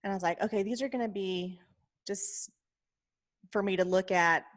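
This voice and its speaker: Female podcast co-host, casual chat, animated storyteller, mid-pitched voice. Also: moderate pace. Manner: animated storyteller, often quoting herself and others.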